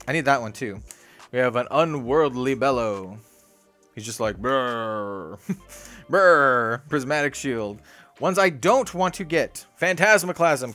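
A young man hosting a card-opening video in a small hot room, rambling and excitable, talking about being sweaty and needing to calm down. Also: a little high. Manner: excitable, rambling, lots of "dude" and "like". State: sweaty and worked up. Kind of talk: casual case-opening commentary.

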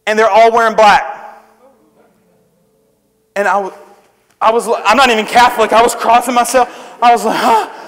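Long hall reverb surrounds this young traveling preacher as he addresses a church service audience with a youth sermon. His high, slightly bright voice keeps a level tone at a moderate pace with frequent pauses, and his storytelling is joking, self-deprecating, and conversational.

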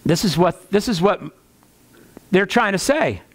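A man preaching a sermon as pastor, animated, with folksy asides and chuckles. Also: measured pace. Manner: animated preaching, rising pitch on rhetorical questions.

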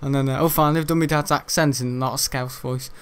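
A man's voice: medium pitch, steady tone, quick pace, smooth. A young man, rambling in casual commentary over a video game, swearing mildly now and then. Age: young adult. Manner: chatty and rambling, frequent mild swearing. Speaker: gaming YouTuber.

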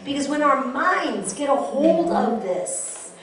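An older woman pastor preaching a lively sermon, telling stories and drawing call-and-response from her congregation. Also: sits high, slow, heavy reverb, distant mic, a little hiss or hum. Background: congregation responding amen.

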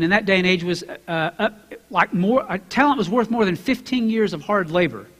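A man preaching a sermon as a pastor, acting out Bible characters in quoted voices and building to loud, emphatic preaching. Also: sits high, big-room sound. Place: church sanctuary.

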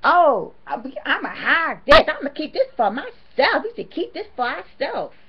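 A woman doing a loud brash older store worker. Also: high-pitched, very animated, normal speed, highs cut off, pitched above the performer's own voice. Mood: gloating. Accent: Southern US country.

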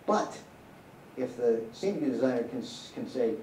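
A man answers audience questions in an echoey cinema hall, his voice mellow and warm. He rambles through candid anecdotes, restarting often, and the mic sits a bit away from him with faint hiss underneath. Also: mid-range voice, expressive, moderate pace, distant mic. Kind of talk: live Q&A answers.

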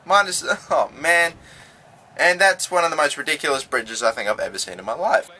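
Aussie gamer guy, high bright voice, excitable commentary that keeps blowing up into swearing. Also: normal speed. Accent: Australian. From Australia. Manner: swings from calm play-by-play to loud, swearing outbursts. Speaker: gaming YouTuber.

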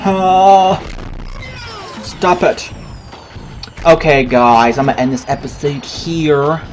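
A chatty man narrates his gameplay in a loose, wandering way, cursing at opponents as he goes. His voice sits a little on the high side. A faint hiss runs under the recording. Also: slow, low-quality recording. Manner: rambling, chatty, swears at opponents. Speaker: gaming commentator. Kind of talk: casual gameplay commentary.

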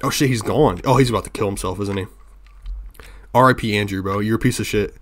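Excitable, slangy man playing a game. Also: lowish voice, fast talker. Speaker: game streamer. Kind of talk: let's play commentary and reading.

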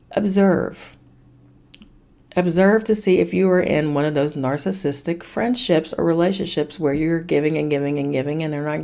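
A woman with a low, mellow voice hosts a casual spiritual self-help podcast. She talks bluntly and emphatically, swears without hesitation and drives her advice home by repeating it. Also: vocal fry. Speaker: podcast host.

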